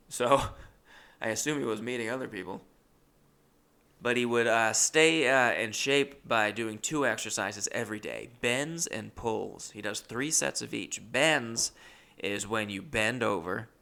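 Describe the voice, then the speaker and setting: A young man tells rambling comic stories, often breaking off mid-sentence and swearing casually. His voice is gravelly, with a bright, forward edge. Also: mid-range voice. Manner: rambling, swearing, self-interrupting. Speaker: comedian.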